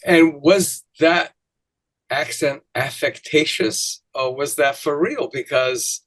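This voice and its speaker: A man's voice: fairly high pitch, slow, fairly bright tone. A hesitant, reminiscing man. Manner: reminiscing, hesitant with many fillers. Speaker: podcast host. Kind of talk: casual conversational interview.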